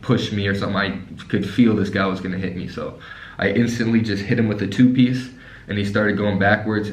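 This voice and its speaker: A young man telling a casual storytime as a travel vlogger, rambling and full of fillers. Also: lowish voice. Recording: roomy echo.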